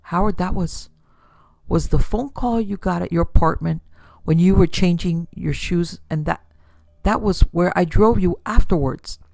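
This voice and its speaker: A woman voicing a shaken young heiress who speaks haltingly. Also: on the low side, gravelly, a little mellow, dry recording. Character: shocked young rich woman.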